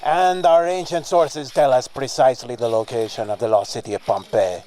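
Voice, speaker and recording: A man's voice: mid-range voice, steady tone, moderate pace, darkish tone, close to an everyday voice. A man putting on a pompous Spanish engineer. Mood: scornful. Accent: put-on Spanish. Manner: grandiose, scornful, peppered with Spanish words. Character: pompous 18th-century Spanish military engineer, condescending, grandiose. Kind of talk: comedy sketch acting.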